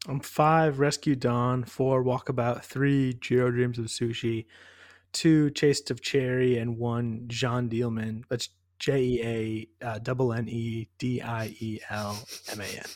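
A man's voice: medium pitch, fairly even intonation, a little slow, darkish tone, dry recording. Thoughtful man, dry close sound. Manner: thoughtful, hesitant, self-deprecating. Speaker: podcast co-host. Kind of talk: casual chat.

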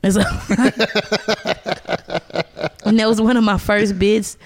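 A woman comedian in her forties tells stories in an easygoing chat. She is animated and laughs often, and she keeps slipping into little character voices. Her voice sits at an ordinary pitch and is recorded dry and close. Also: slow pace, dry recording. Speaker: stand-up comedian, guest. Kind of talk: casual storytelling chat.

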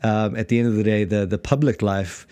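A man's voice: lowish voice, steady tone, brisk, dark tone, no room sound. A man with a South African accent co-hosting a casual podcast chat about church history, rambling with many restarts and frequent laughter. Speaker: podcast co-host.

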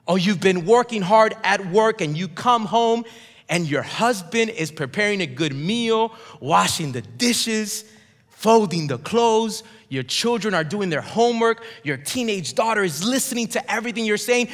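A man preaching a sermon in a high, ringing voice, with a long reverb trailing off every phrase. He leads the congregation in call-and-response and swings from shouted declarations down to near-whispered drops. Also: lively intonation, normal speed. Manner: emphatic, swings between shouts and hushed drops. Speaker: pastor. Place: church sanctuary.

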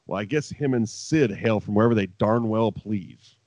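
A man's voice: on the low side, fairly quick, darkish tone, no room sound. A man co-hosting a podcast, chatting casually about old wrestling and rambling with profanity and laughing asides. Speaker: podcast co-host. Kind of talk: casual wrestling recap chat. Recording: dull lo-fi dry sound.

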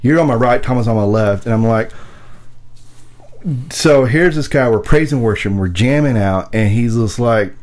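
A man's voice: mid-range voice, normal speed, a little mellow. A man in casual conversation, telling a story in an easygoing way with wry asides.

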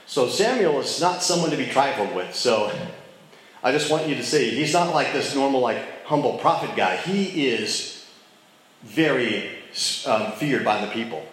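A man's voice: medium pitch, lively intonation, measured pace. Casual man teaching scripture, echoey room. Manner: conversational, checks in with listeners, acts out quotes. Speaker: Bible teacher. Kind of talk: casual Bible study teaching.

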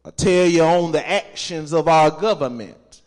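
A pastor preaches a sermon in a church sanctuary, reading scripture before calling out to his congregation for responses. His voice sits a little high, and he speaks slowly and deliberately, building toward shouts. Long reverb from the hall hangs on every phrase.

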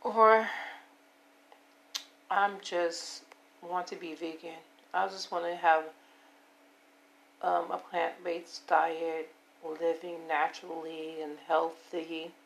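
A woman in her fifties with a hoarse voice, rambling and repeating herself as she talks to her viewers about taking care of herself. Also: fairly low pitch, a little hiss or hum. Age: 50s. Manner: rambling, repetitive, self-affirming. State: hoarse, voice giving out. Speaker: vlogger. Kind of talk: casual personal monologue.

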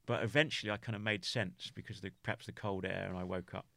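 A man from the United Kingdom, a podcast guest, recounting a personal story in a halting way, full of restarts and "you know" fillers. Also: low voice, steady tone, gravelly, pushed and bright, dry recording.

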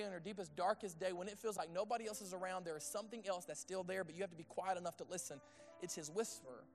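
High-voiced man preaching conversationally. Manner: conversational preaching, asks the audience questions; drops to a hushed tone on intimate points. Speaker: pastor. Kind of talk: sermon.

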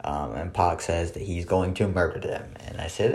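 A man with a very low voice talks through a wrestling show on his own. His recap is casual and dry, with sarcastic asides and plenty of filler words. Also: expressive, normal speed, hardly any pauses, darkish tone.

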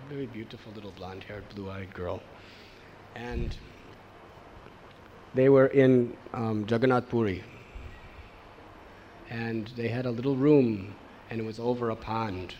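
A man giving a devotional storytelling sermon, animated and acting out the voices of the people in his tale. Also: medium pitch, lo-fi sound, a little hiss or hum. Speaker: spiritual teacher.

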